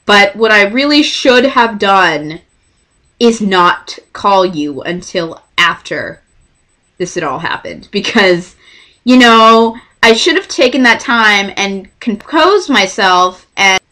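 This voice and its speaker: A young woman vlogger telling a story in a casual, excitable and self-mocking way. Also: medium pitch, slow pace.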